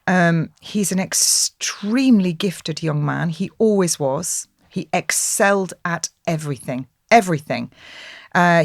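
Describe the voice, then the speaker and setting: A woman's voice: low voice, gravelly, no room sound, clean studio sound. A middle-aged woman speaking emphatically as an interview guest, repeating herself with frequent ums and restarts. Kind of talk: conversational interview.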